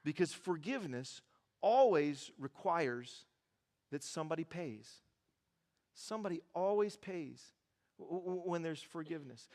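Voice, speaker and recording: A male pastor preaching a sermon in a church, lively and joking, repeating phrases for emphasis. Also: on the high side. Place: large church auditorium. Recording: reverberant church hall.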